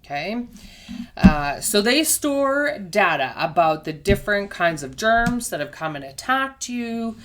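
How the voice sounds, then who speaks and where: A woman's voice: medium pitch, sing-song, measured pace, a bit bright, a little hiss or hum. A woman teaching a casual health lesson. She explains patiently with everyday comparisons and often checks in with "okay?". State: has the hiccups. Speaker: health educator.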